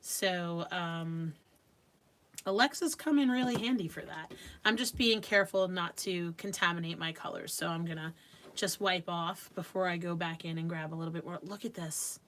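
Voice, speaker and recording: A woman's voice: fairly low pitch, normal speed, fairly bright tone, slight background noise. A middle-aged woman from Long Island hosting a live craft stream. She chats casually, laughs often, and talks while she works. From Long Island, New York.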